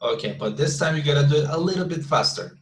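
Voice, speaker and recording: A man's voice: fairly high pitch, animated, fast talker, echoey room, low-quality recording. A male English teacher giving an online class, often restarting his phrases and checking in with "you see?".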